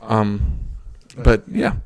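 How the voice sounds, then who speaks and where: A man's voice: fairly low pitch, flat delivery, extremely slow, a little mellow. A young man co-hosting a casual podcast, tipsy and joking, swearing and laughing often as he reviews albums. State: tipsy from drinking soju. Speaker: podcast co-host.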